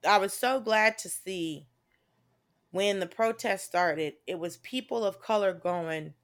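A woman's voice: mid-range voice, slow. A woman comedian from the American South in her thirties, with a Southern accent, telling stories animatedly in a casual chat, swearing freely and acting out quotes. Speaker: comedian guest.

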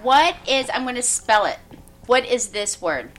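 A woman hosting a casual group chat, animated and laughing at her own mispronunciations. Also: a little high, unhurried. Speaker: podcast host.

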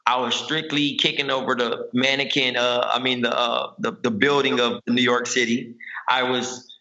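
A man's voice: mid-range voice, little pitch movement, normal speed, pushed and bright, dull audio. A man hosting a podcast in casual chat, laid-back and slangy. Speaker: podcast host.

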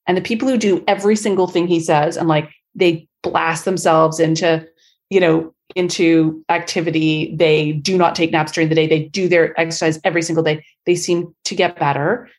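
A woman's voice: lowish voice, steady tone, brisk, darkish tone. A middle-aged woman from Canada, a guest telling stories in a casual interview, chatty and full of fillers. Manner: chatty, filler-heavy storytelling.

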